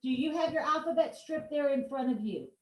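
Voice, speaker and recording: A woman with a high, darkish voice speaks briskly while teaching a one-on-one reading lesson over a video call. Her instructions are playful and encouraging, and the recording has a roomy echo.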